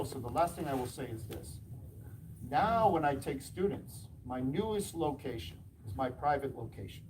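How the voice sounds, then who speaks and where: A man who runs a martial arts school tells animated anecdotes to an audience, acting out the dialogue and laughing along. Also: on the high side, distant mic, background noise. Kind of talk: storytelling talk to an audience.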